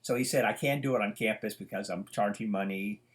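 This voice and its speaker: A man's voice: on the low side, fairly quick. Rambling older male teacher. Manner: rambling, anecdotal, many fillers and restarts. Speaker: psychology teacher. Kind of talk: informal lecture. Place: home.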